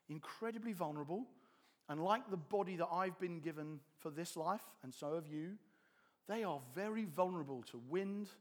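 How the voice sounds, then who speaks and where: A man delivering a sermon in a high, bright-sounding voice. He explains calmly, then swells into loud, emphatic declarations. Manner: animated, builds to emphatic peaks. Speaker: pastor.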